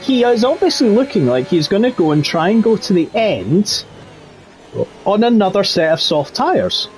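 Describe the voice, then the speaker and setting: Excitable male league race commentator, high voice, light background hiss. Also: moderate pace. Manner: excitable, voice jumps high in close battles. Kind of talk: live sim racing commentary.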